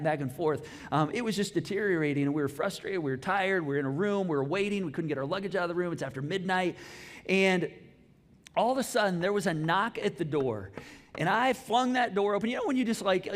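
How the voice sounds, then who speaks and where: A middle-aged man preaching a sermon, telling a story with lively acted-out dialogue in a church auditorium. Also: high voice. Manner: animated storytelling, acts out dialogue. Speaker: pastor. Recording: long hall reverb.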